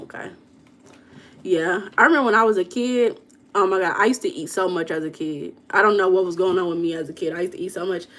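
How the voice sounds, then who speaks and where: A woman's voice: on the low side, fairly bright tone. Chatty woman hosting a livestream. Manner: chatty, reads and answers viewer comments, dramatic storytelling. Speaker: livestream host. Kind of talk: casual livestream chat.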